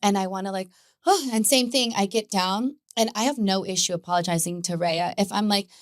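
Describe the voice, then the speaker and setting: A woman speaks as a podcast guest, chatting in a lively, storytelling way about her day-to-day life. Her pitch sits in the middle range for a woman. The sound is dry and close, with no room echo. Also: fairly quick. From Mexican-American family. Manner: chatty, animated storytelling with laughter. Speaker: guest, Pilates instructor. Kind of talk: casual podcast conversation.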